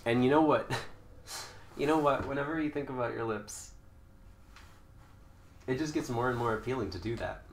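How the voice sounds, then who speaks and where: A young man rambling and joking as he streams a game, now and then breaking into sudden loud outbursts. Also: mid-range voice, normal speed, long pauses. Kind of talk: casual live-stream commentary. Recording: echoey room with faint noise.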